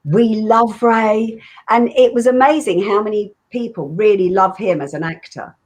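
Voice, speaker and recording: An older woman from England talks with a husky, breathy voice at a middling pitch. She rambles warmly through her stories, full of fillers and small laughs, as a guest in a relaxed chat. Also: normal speed. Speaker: guest actress. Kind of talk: casual interview chat.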